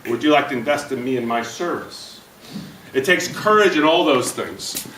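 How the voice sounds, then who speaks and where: A man giving an energetic, jokey motivational talk to a business audience and questioning the crowd. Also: medium pitch, normal speed, roomy sound, recorded from a distance, slight background noise, rough recording. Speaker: speaker at a business event. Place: event room before an audience.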